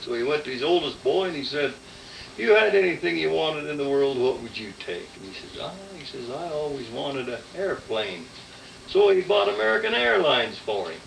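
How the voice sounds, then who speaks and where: A folksy father spins a rambling joke at home, losing names as he goes. His voice is bright and gravelly and swoops up and down. He sounds far from the camcorder mic, in an echoey room with faint hiss, as on a 1980s home video. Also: mid-range voice. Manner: folksy, rambling storyteller who loses names mid-sentence. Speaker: family father. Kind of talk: casual joke-telling at home. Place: family home, indoors. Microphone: camcorder mic across the room.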